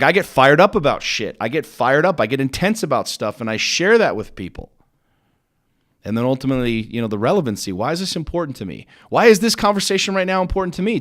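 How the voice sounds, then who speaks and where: A middle-aged man delivering a motivational monologue on his own podcast. He speaks bluntly and with intensity, swears freely, and hammers points home by repeating his words. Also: medium pitch. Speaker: podcast host and business coach.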